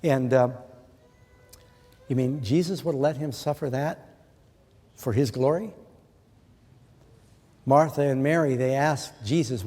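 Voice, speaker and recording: A man's voice: medium pitch, measured pace, long pauses, dark tone. A middle-aged man preaching a sermon in an earnest way, putting questions to his listeners. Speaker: pastor. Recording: long hall reverb.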